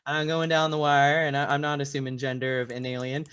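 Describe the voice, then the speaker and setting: A player in a tabletop game, eager and quick to react. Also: medium pitch, flat delivery, fairly bright tone, smooth.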